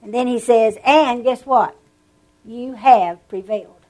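A woman preaching a sermon, telling stories with animated emphasis and drawn-out words. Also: a little high, low-quality recording.

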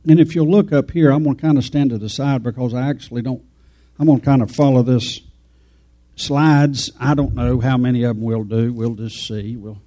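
Folksy preacher with a mellow voice. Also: male voice, medium pitch, fairly even intonation, normal speed. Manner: folksy, rambling, talks to the congregation. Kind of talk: informal folksy sermon.

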